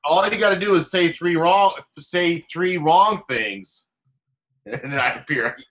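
A man's voice: a little high, a little slow, dull audio, noisy background. A man joining the show in casual chat, teasing the hosts. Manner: teasing, joking.

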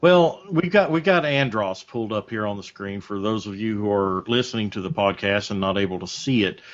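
A man co-hosting a podcast, explaining things in a measured way with many hesitations. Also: fairly low pitch. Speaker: podcast co-host sharing the screen. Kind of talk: casual chat. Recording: muffled lo-fi audio.

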